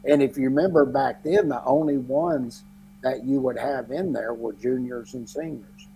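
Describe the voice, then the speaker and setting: A middle-aged man from Texas, co-hosting a casual sports chat and telling animated stories about football drafts. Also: mid-range voice, moderate pace, a little hiss or hum, low-quality recording. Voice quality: gravelly, husky. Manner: animated storyteller, quotes others in lively bursts. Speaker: podcast co-host.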